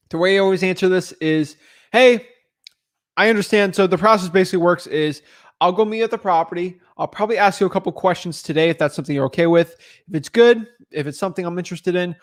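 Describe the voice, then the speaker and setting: Energetic young man coaching sales. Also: high voice. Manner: energetic, repetitive, conversational. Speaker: real estate wholesaling coach. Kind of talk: live sales training talk.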